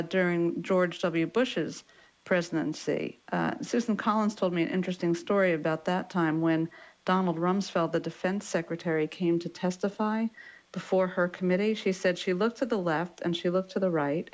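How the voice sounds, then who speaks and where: Low-voiced woman correspondent on a remote line. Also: steady tone, a little mellow, muffled recording. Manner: measured, explanatory with fillers. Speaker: newspaper correspondent. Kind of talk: radio news interview.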